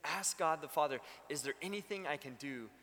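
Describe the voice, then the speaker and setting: A man's voice: fairly high pitch, brisk, sharp tone, big-room sound. A man preaching a sermon, telling stories conversationally with bursts of emphasis. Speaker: pastor.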